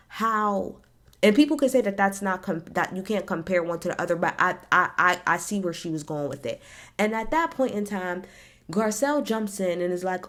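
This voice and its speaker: Woman host, blunt and animated, swearing recap talk, mid pitch. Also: normal speed. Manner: blunt, animated, swears freely, talks straight at the people she discusses. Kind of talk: casual opinionated recap.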